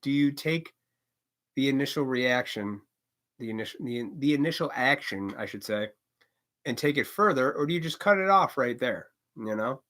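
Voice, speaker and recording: A man talks loosely through a live stream monologue, his pitch bouncing around a lot as he goes. His tone is bright and forward, with frequent profanity, short chuckles and quick acted-out quotes. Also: lively intonation. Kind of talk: casual rambling monologue.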